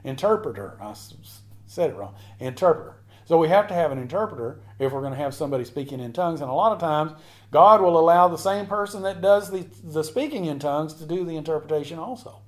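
High-pitched male pastor delivering a sermon, rising to emphatic repeated lines. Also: lively intonation, quick pace.

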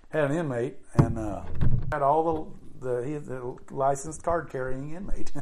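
Conversational preacher, a man with a high voice. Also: darkish tone. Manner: conversational, drawn-out emphasis, frequent "you know". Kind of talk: informal sermon.

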